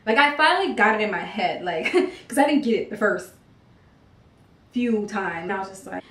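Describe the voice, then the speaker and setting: A woman's voice: medium pitch, quick pace, distant mic. A young adult woman talking candidly to her channel, casual and earnest, with frequent "like" and "um" fillers. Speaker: vlogger. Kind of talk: candid confessional chat. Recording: roomy sound, voice off from the mic.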